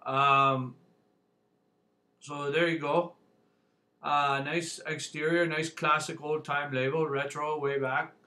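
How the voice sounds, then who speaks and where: A man's voice: fairly high pitch, level tone, slow, pauses often, sharp tone. A man reviewing a beer on his channel, talking casually in a rambling, folksy way, full of fillers and "eh".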